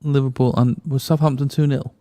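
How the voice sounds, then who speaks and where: A man's voice: mid-range voice, little pitch movement, a little fast, warm tone. A man, co-hosting a podcast in easygoing, hesitant football chat. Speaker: podcast co-host.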